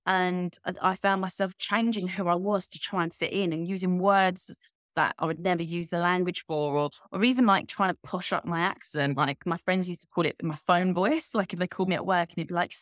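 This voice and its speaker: A woman's voice: lowish voice, brisk, dry recording, studio quality. A woman in her thirties, a coaching guest talking candidly and energetically in a casual podcast conversation. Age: 30s. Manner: candid, energetic, laughs easily.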